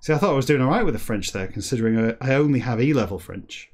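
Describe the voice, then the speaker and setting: A man of ordinary middle pitch reads a jumbled book aloud for a comedy podcast, slow and careful. He breaks off with dry, self-mocking remarks in a plain, chatty tone. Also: expressive. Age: adult with children. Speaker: podcast host reading a novel aloud. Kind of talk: comic reading aloud with chatty asides.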